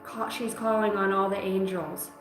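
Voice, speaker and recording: A woman giving an intuitive reading in an emotional, halting way, often breaking off mid-sentence. Her voice sits at an ordinary middle pitch. The room sounds roomy, with clear music playing behind her. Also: fairly even intonation. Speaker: psychic reader.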